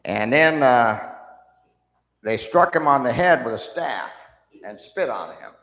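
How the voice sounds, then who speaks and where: A man's voice: mid-range voice, slow pace, lo-fi sound. Man teaching a church Bible class. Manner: animated, acts out mocking soldiers' voices, asks the class questions. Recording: echoey room with long reverb.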